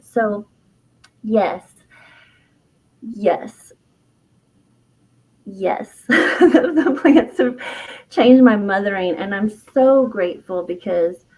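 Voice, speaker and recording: Lo-fi audio carries a fairly high but darkish female voice. The speaker, a middle-aged herbalist and author, opens up about a personal story in an interview, laughing often, restarting her sentences and speaking with earnest warmth.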